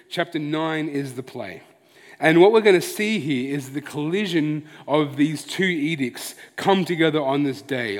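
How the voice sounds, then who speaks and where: Male pastor, earnest and chatty, preaching in a reverberant hall. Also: on the high side. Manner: earnest, conversational preaching with restarts. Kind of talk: sermon.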